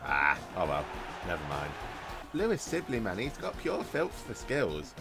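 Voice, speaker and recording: A man giving casual, excitable commentary on a football video game, bantering and laughing at the plays. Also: low voice, measured pace. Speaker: gaming YouTuber. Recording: music playing under voice.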